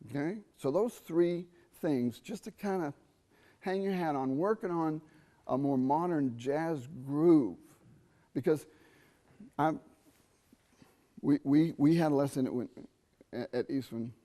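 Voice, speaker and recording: A man's voice: fairly high pitch, slow pace, long pauses, dark tone. A middle-aged man giving a jazz trumpet masterclass in a conversational way, quizzing his listeners and singing out rhythms. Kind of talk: masterclass talk. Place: university theatre stage.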